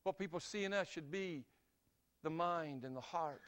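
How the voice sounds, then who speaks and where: Older preacher, earnest and unhurried. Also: male voice, a little high, clear, resonant tone. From Greensboro, North Carolina, US. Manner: earnest, unhurried, sinks to a soft hush at key lines. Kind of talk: sermon storytelling.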